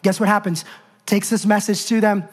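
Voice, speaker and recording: A woman's voice: mid-range voice, fairly even intonation, moderate pace. A woman preaching a sermon in an emphatic, conversational way, full of rhetorical questions and asides.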